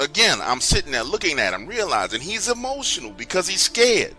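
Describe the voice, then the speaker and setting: Male storyteller, bright tone, lively pitch, soft music behind. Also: brisk, few pauses. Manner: casual, slangy, animated telling. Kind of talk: first-person story narration.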